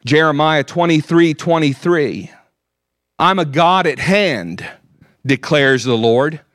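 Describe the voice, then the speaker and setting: A man's voice: a little high, takes it slowly, a bit bright, dry recording, clean studio sound. A man preaching a sermon, earnestly quoting scripture. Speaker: pastor.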